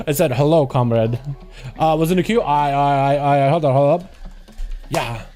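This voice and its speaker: A man's voice: fairly high pitch, measured pace, dark tone, faint music behind. A young man with a slight Russian accent, a native Russian speaker, chatting casually as a gaming livestreamer. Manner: laid-back, chatty, fills with "yo", "dude" and "boys". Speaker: streamer.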